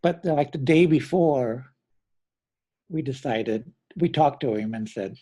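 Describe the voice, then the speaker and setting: A man's voice: medium pitch, a little slow, dark tone, breathy edge. A middle-aged man, a drummer being interviewed, telling rambling stories in a casual way and often correcting himself. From American Midwest. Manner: rambling, self-correcting anecdotes with acted quotes.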